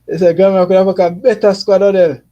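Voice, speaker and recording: A man's voice: sits high, steady tone, fast, mellow. A Jamaican man hosting a casual football livestream and chatting with viewers, mixing patois with English. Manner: patois mixed with English, frequent "you see me" tags. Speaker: football streamer. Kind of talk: casual livestream chat reading viewer comments.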